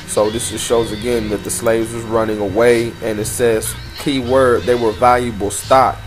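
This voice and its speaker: A man's voice: mid-range voice, flat delivery, moderate pace, hardly any pauses. A man reading a document aloud and commenting emphatically, with rhetorical questions. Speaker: commentary host. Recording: over loud background music.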